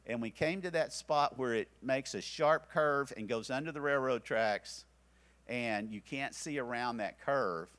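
Here the same kind of teaching talk comes from an older church teacher addressing parents, who tells a personal story about his grandsons and performs his own comforting words. His voice sits at medium pitch and sounds a bit bright.

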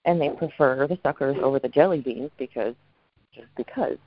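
A woman co-hosting a podcast, telling family stories in a warm, anecdotal way. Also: rumbling low, fairly quick, no room sound. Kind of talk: casual storytelling chat. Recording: dull sound.

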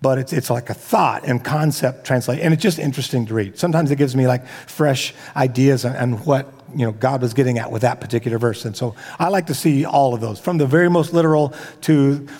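A man's voice: medium pitch, brisk, few pauses, darkish tone. A man preaching a sermon as pastor, talking casually with joking asides and frequent restarts. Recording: long hall reverb.

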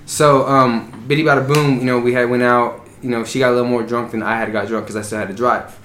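A man's voice: mid-range voice, level tone, quick pace, a bit bright, a little hiss or hum. A young man casually telling a crude, rambling story on a podcast, often breaking into laughter. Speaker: podcast co-host. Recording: echoey room with faint ambience.

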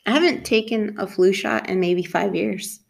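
A woman's voice: mid-range voice, moderate pace, creaky. A young woman co-hosting a casual podcast chat, teasing and full of fillers. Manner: laughing, filler-heavy, teasing. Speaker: podcast co-host.

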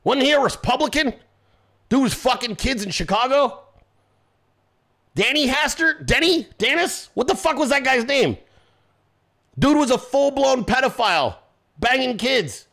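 Brash male commentary host, swearing rant, lively swooping delivery, bright forceful tone. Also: very high-pitched, unhurried, pauses often. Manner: profane, confrontational ranting; mocks people with quoted voices.

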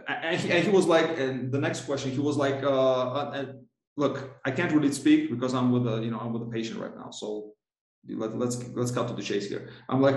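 A man who is a coach and author tells a personal story as a guest in a casual storytelling interview on a podcast. He rambles with many restarts and self-corrections and laughs often. His voice is mid-range, and the audio is poor, with a roomy sound.

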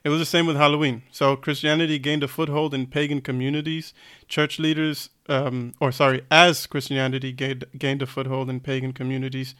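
A man's voice: medium pitch, a bit bright. A man co-hosting a casual podcast chat, reading facts aloud with fillers and self-corrections. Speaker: podcast co-host.

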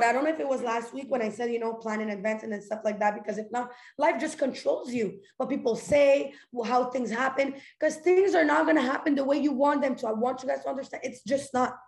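A woman's voice: high voice, fairly quick, darkish tone, reverberant. A woman hosting a live motivational call, talking energetically and directly, firing off rhetorical questions and breaking into laughter. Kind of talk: motivational talk to a live audience.

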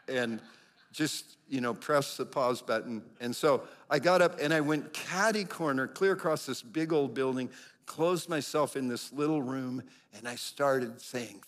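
A middle-aged man preaching, a pastor telling a lively personal story in sermon style. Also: unhurried. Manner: animated storyteller, acts out quotes with big pitch jumps.

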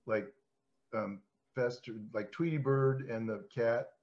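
A man hosting a podcast in casual chat, telling stories in a rambling, animated way. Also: mid-range voice, takes it slowly. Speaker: podcast host. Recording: slightly dull podcast audio.

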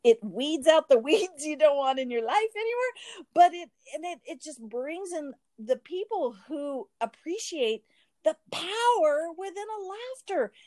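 A woman hosting a casual chat on a video call, giggly and telling lively stories. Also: high voice, unhurried, dry recording.

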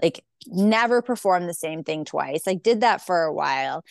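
A woman's voice: lowish voice, expressive, normal speed, vocal fry, no echo, clean studio sound. A woman comedian telling stories in casual chat, acting out quoted voices, saying "like" a lot and swearing freely. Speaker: stand-up comedian guest.

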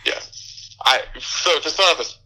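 A man's voice: on the high side, normal speed, pushed and bright, rough recording. A young man co-hosting a podcast, giving an angry, profane rant with laughs. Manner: ranting, profane, laughing through bits. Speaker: podcast host. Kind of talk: casual film review chat.

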